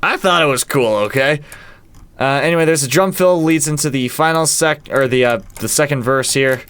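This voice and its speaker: A man's voice: on the high side, normal speed, a bit bright, slight background noise. A man who is a band's producer and guitarist, casually walking through how a song was made and counting out its beats aloud. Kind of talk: casual walkthrough of a song's production.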